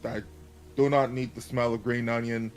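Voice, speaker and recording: A man's voice: medium pitch, flat delivery, normal speed, crowd noise. A man as a tabletop game player, rambling casually with many fillers. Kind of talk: casual in-character chat.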